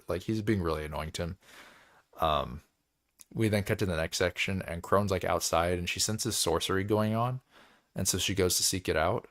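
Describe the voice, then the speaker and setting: A man's voice: deep voice, normal speed. A man hosting a book club, recapping chapters in a loose, rambling way, with lots of filler words and frequent laughs.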